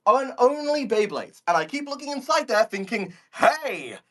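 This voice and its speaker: A man's voice: very high-pitched, expressive, fairly quick, a bit bright. A man streaming live, talking into a phone microphone from a step away in his room at home, rambling in exasperated, baffled bursts and swearing. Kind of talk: casual live audio chat.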